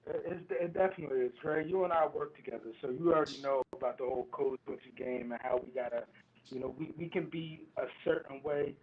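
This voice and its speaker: A man joining a casual podcast discussion as a guest, speaking in a thoughtful, halting way with frequent ums. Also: a little high. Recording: tinny phone-like remote line.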